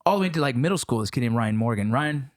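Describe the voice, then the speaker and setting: A man in his thirties hosting a podcast, telling stories casually, animated and full of profanity. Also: medium pitch, fast talker. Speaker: podcast host. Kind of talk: casual conversation.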